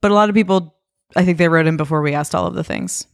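A woman's voice: lowish voice, quick pace, creaky. A woman co-hosting a podcast in casual, joking chat, reading out listener emails. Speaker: podcast co-host.

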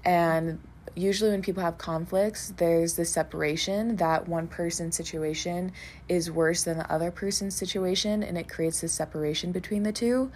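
Woman co-host, low-ish voice, calm and thoughtful, casual talk. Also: slight background noise. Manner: thoughtful, measured explaining. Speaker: podcast co-host. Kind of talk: casual reflective chat.

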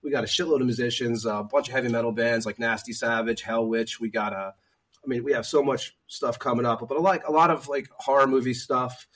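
Guy rambling fast on a podcast, kinda far from the mic. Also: medium pitch, a bit bright. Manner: rambling, many fillers and restarts. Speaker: podcast co-host. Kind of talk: casual sports podcast chat.

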